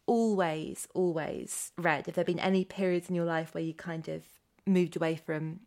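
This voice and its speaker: A woman hosting a relaxed conversation, asking thoughtful questions and joking at her own expense. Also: on the low side, moderate pace. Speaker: interviewer. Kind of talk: casual interview chat.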